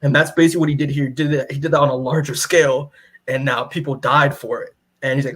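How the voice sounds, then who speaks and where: A young man co-hosting a podcast, casually retelling a comic story in a rambling way, full of fillers and quick acted-out character lines. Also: mid-range voice, steady tone, a bit bright, husky. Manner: rambling, lots of "like" and restarts, acts out characters' lines. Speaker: podcast co-host recapping comics. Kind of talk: casual chat.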